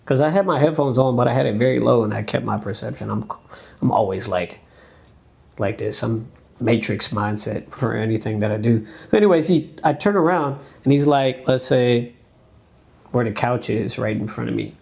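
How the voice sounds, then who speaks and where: A young American man speaks as a dancer guest in a podcast conversation, his voice gravelly with a mid-range pitch. He tells his story in a loose, animated way and acts out other people's lines. He leans on frequent fillers. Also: normal speed. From United States.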